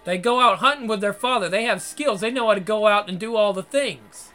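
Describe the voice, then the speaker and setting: With faint music behind him, he keeps up his crude rant at viewers, repetitive, exasperated, and full of curses. The voice sits high, runs a little fast, and has a sharp tone.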